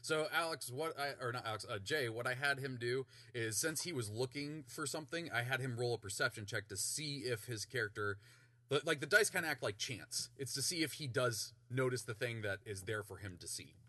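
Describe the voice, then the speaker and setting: A man running a tabletop game as game master, narrating in an animated way with many stumbles and fillers. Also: medium pitch, a little fast, no echo.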